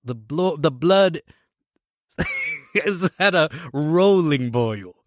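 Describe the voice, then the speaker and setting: A man's voice: fairly high pitch, lively intonation, drawn-out words, dry recording, clean studio sound. An American man in his late thirties, hosting a podcast and telling a story casually to a live audience, with many restarts and bursts of laughter. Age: 30s. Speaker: podcast host.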